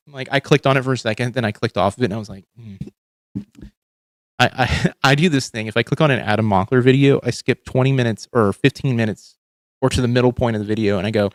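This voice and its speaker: A man's voice: medium pitch, fast, dry recording, clean studio sound. A man hosting a livestream, ranting in casual commentary with heavy swearing and frequent restarts. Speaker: livestream host.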